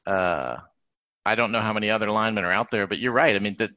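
A man's voice: fairly low pitch, quick pace, pushed and bright, no echo. Guy talking football casually, lotta "i mean", kinda muffled dry sound. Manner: conversational, hedges with "I mean". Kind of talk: casual sports podcast chat. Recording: slightly dull lo-fi sound.

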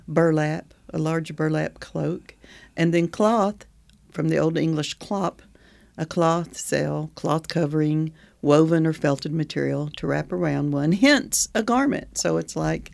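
A man's voice: a little high, creaky, no room sound. A man co-hosting a podcast, chatting about a poem and word origins in a thoughtful way and laughing often. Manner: thoughtful, laughs often, reads etymology aloud. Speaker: podcast co-host. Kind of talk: casual chat about poetry.

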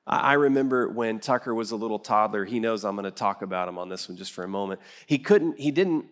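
This middle-aged preacher talks fast in a fairly low voice. His sermon is full of stories, and he performs the voices of the people he quotes.

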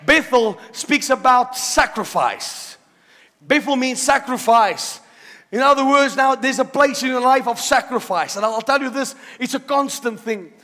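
A male preacher with a very high, bright, forceful voice delivers a sermon in a church hall. He swings from loud shouts to hushed, intense passages and repeats words for emphasis. His voice rings with a long reverb from the hall. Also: animated, a little slow.

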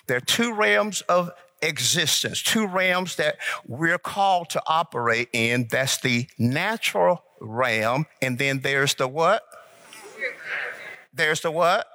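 Slow, emphatic bright-voiced male preacher. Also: medium pitch. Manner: call-and-response, urging the congregation to repeat; slow and emphatic, repeating key phrases. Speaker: pastor. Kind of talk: sermon.

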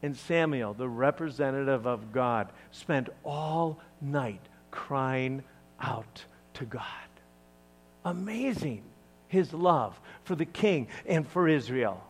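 A male pastor preaching a sermon in an expressive, dramatic, emphatic way. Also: mid-range voice, takes it slowly, husky.

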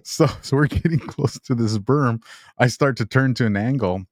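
A man's voice: medium pitch, normal speed, no room sound, clean studio sound. A man, a military veteran, telling a story in casual chat and laughing as he goes. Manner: laughing while telling a story, acts out quoted voices. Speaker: veteran guest.

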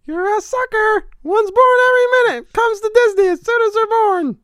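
A man's voice: very high-pitched, normal speed, fairly bright tone, no room sound, studio quality, voice pushed up. A man voicing a crude, vulgar male cartoon mouse, taunting and cackling.

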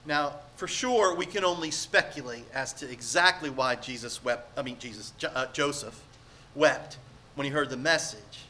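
A man's voice: medium pitch, normal speed, pushed and bright, a little hiss or hum. A man preaching a sermon to a congregation, earnest and emphatic, asking the room rhetorical questions. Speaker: pastor.

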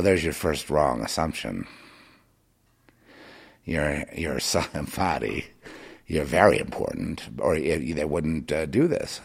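A man delivering a rambling monologue straight to the listener, with many restarts, swinging between muttering and loud ranting. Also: extremely low pitch, vocal fry, breathy edge. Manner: many restarts and repeated words.

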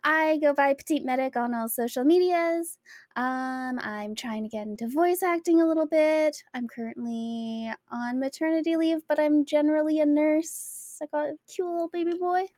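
A woman's voice: high-pitched, normal speed, a little mellow, no room sound. A woman, a nurse, chatting in a bubbly, friendly way as a player. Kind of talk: casual chat.

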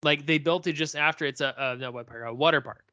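A man's voice: on the high side, fast talker, bright, forceful tone, dry recording. A man from North Dakota, chatting casually as a podcast guest in a laid-back, profane, rambling way.

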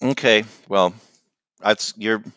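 A man with a lowish, smooth voice co-hosts a comedy podcast, trading casual banter in a meandering, self-deprecating way. The sound is close and dry, with no room around it. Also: takes it slowly, a bit bright, no room sound. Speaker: podcast co-host.

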